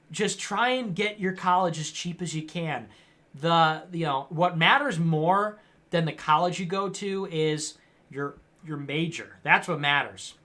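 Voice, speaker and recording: Reading viewer comments aloud on his livestream, a male host responds with sarcasm and mockery. His voice is fairly high-pitched and sharp, and the talk is casual political commentary.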